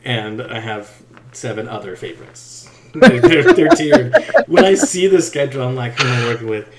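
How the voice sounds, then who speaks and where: A man's voice: mid-range voice, wildly swooping pitch, normal speed, roomy sound, over a noisy crowd. A man co-hosting a podcast, chatting casually with sarcasm, profanity and laughter. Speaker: podcast co-host. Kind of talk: casual chat.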